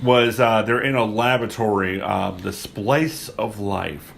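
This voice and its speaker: Recorded remotely at the guests' home, this movie podcast host has a fairly low, slightly bright voice with vocal fry and a measured pace, plus a little hiss or hum. His casual review chat rambles, full of fillers and restarted sentences.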